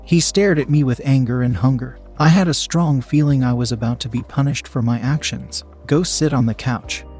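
A man narrating a first-person erotic story in an even reading tone. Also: medium pitch, fairly quick, hardly any pauses, faint music behind.

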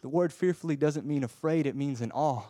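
A man preaches passionately, shifting between soft, tender passages and loud, emphatic ones, frequently stammering and repeating words to drive his points home. His voice sits on the higher side and moves fairly quickly. The recording is clean studio audio with no room sound.

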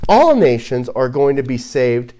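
A man preaching an expository sermon as a pastor, halting and repeating words as he works through his points, and posing rhetorical questions. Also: mid-range voice, very animated, dark tone. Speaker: pastor teaching a Bible series.

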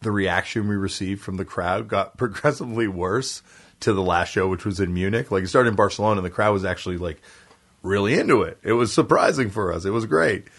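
Low-voiced man telling tour stories. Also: fairly quick. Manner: laughs through his stories, acts out quotes. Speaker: touring musician guest. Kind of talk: casual storytelling chat.

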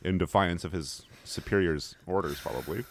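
A man's voice: low-pitched, normal speed, no echo. A man co-hosting a comedy podcast, reading a news story aloud with wry, mock-serious asides. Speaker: podcast co-host.

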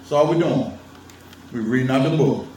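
A religion-focused vlogger talks casually and directly to his audience, pressing his points emphatically, teasing, and laughing often. His mid-range voice is warm and moves at a normal speed. The recording is roomy and distant-miked, with faint ambience and slight background noise.

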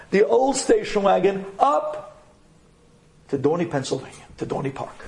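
A middle-aged man from New York tells a personal story to a room of women. His voice sits high and leaps about, with dramatic swings for emphasis. He acts out the dialogue as he goes. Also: a little mellow. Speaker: speaker addressing an audience of women.

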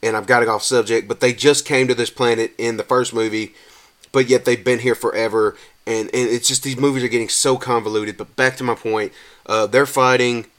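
Rambling man ranting about a movie. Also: fairly quick. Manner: rambling, restarts often, gets animated and higher when exasperated. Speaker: podcast host reviewing a movie. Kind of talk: casual rant.

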